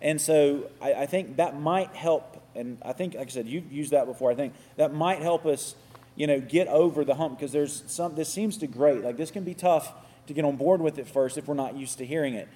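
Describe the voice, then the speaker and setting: Mellow man teaching doctrine earnestly. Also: a little high, moderate pace. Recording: reverberant hall.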